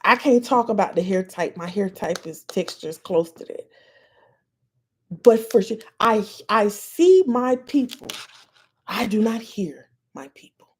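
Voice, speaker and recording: A woman's voice: medium pitch, lively intonation, unhurried, slightly rough. A woman podcast host on a live stream, ranting in a heated, profane way.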